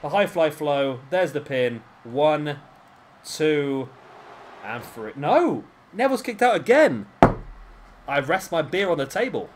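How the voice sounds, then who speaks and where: A man hosting a gaming channel, giving excitable let's-play commentary on a wrestling game and urging the wrestlers on aloud. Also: a little high, takes it slowly, slight background noise.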